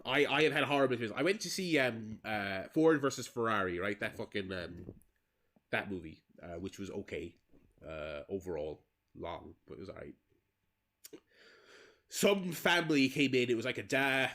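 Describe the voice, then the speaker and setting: Rambling Irish streamer with a lively voice. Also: male voice, fairly low pitch. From Limerick, Ireland. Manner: rambling, swears freely, stumbles and restarts. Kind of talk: casual chat while livestreaming a game.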